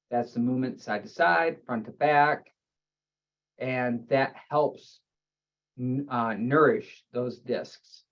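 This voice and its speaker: A man who works as a chiropractor, giving a health webinar presentation and explaining terms in steady lists. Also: medium pitch, highs cut off.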